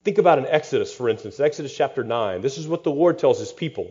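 A man's voice: medium pitch, expressive, fast talker, few pauses, mellow, highs cut off. A man, a pastor, preaching an expository sermon with rhetorical questions and dry humor.

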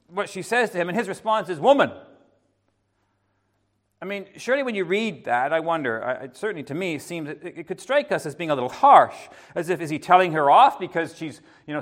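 A man preaching an evening sermon, earnest and halting, often restarting his sentences and dropping into soft asides. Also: fairly high pitch.

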